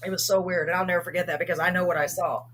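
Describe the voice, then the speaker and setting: Animated woman host telling a ghost story. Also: fairly low pitch, rapid-fire, slight background noise. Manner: animated storyteller, acts out her own past words. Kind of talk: casual chat, telling ghost stories.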